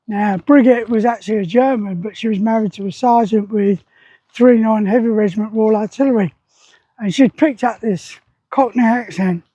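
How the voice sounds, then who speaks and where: A man's voice: sits high, moderate pace, mellow, no echo, lo-fi sound. A man, telling stories in a rambling, plain-spoken way as he vlogs outdoors beside a weir. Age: 60s. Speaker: army veteran vlogger. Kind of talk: casual spoken vlog.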